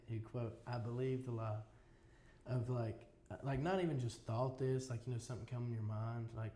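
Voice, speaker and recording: A man's voice: mid-range voice, mellow, slight background noise. A man as a podcast guest, talking in a casual interview with earnest, reflective storytelling. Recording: roomy echo with faint ambience.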